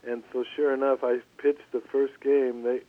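An older man tells long stories down a tinny phone line. He speaks in a relaxed, halting way, backing up and restarting his sentences. His voice sits at an ordinary pitch for a man. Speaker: former pitcher, guest. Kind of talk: storytelling interview.

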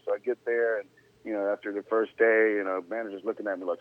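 A man's voice: fairly low pitch, quick pace, dry recording. A man, a former pro ballplayer, telling a story in a laid-back, slangy way as an interview guest, rising to disbelief at times. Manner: laid-back, slangy, animated when incredulous. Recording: tinny phone-like sound.

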